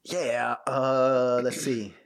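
A man's voice: mid-range voice, little pitch movement, very slow, clear, resonant tone. Playful, teasing man podcast co-host. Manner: playful teasing, laughs often. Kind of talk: casual chat.

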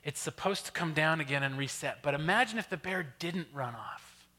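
A man giving an animated storytelling workshop talk, often checking in with the audience. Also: on the high side, normal speed. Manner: animated, keeps asking "right?". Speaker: workshop presenter. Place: church hall. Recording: long hall reverb.

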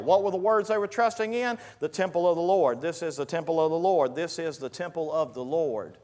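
High-voiced preacher, loud emphatic sermon. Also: male voice, brisk, few pauses. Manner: swells from low, quiet reading to loud, high-pitched preaching; repeats phrases three times for emphasis. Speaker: pastor.

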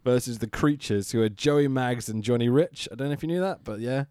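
A man's voice: medium pitch, a little fast, darkish tone, clean tone, no room sound, clean studio sound. A man hosting a podcast, chatting and laughing with friends, swearing freely. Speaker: podcast host. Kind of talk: casual chat about wrestling.

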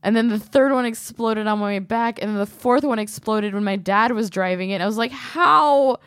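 A woman's voice: mid-range voice, steady tone, a little fast, dry recording. Giggly stoned woman, dry close mic. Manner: giggly, teasing, profane. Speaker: host. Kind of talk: casual podcast banter.

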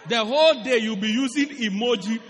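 A man from South Africa preaching a sermon in an animated, repetitive way, often laughing at his own jokes. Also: very high-pitched, a little fast, a faint crowd, a little hiss or hum. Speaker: pastor. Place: large church hall. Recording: long echoing church hall reverb.

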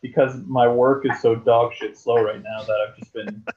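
Guy, mid-pitch, chatty sports co-host, rambles and swears, tinny phone-line sound. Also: level tone, moderate pace. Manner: rambling, swears freely, lots of fillers. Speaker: podcast co-host. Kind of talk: casual sports chat.

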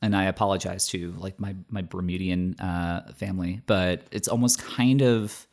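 A man with a very low, deep voice talks in relaxed, easygoing chat. He rambles, circling back with fillers and restarts as he thinks aloud. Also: normal speed. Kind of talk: casual chat.

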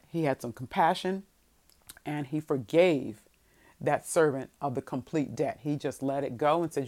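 A woman preaching a sermon, reading scripture slowly and moving between soft stretches and emphatic bursts. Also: deep voice. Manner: reads scripture in a slow, measured voice.

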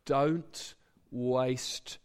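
A man's voice: medium pitch, extremely slow, clean tone. A man, preaching a sermon to his congregation and acting out imagined voices. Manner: animated, acts out imagined voices.

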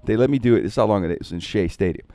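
A man spins animated anecdotes from his broadcasting days, slipping into other people's voices as he goes. His voice sits low and mellow. The sound is dry and close. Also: racing, no echo. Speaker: radio broadcaster telling stories. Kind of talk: casual storytelling on a podcast.

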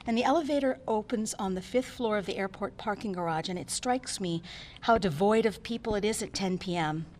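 A frightened but defiant woman doctor, played by an actress in a dramatic stage reading. She speaks in a middle-pitched voice with tense intensity. Her delivery swings from hushed dread to outright screaming. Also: a little fast, slight background noise, lightly acted. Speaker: actor performing a diary monologue.

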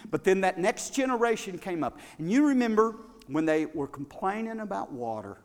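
A man preaching a sermon as pastor, swinging between loud bursts and quiet asides. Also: sits high, very animated, normal speed. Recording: long reverb of a large hall.

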